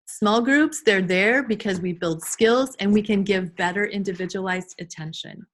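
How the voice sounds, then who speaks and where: A woman's voice: medium pitch, moderate pace, a little hiss or hum. A woman giving an informal online class to teachers over a video call, chatty with frequent restarts and fillers. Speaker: early childhood trainer.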